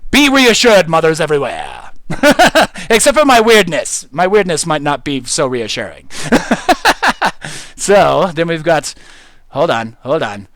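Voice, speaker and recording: Giggly male streamer, lively bouncing pitch, slightly high voice, dry close sound. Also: unhurried, no echo. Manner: excitable, giggly, rambling. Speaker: game streamer. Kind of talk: casual live-stream commentary.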